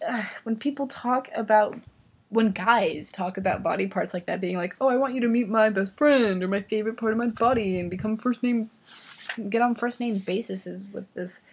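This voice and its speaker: A woman's voice: mid-range voice, moderate pace, slightly rough. A young woman vlogger reviewing a book in a casual, exasperated rant, sarcastic and full of swearing and "like" fillers.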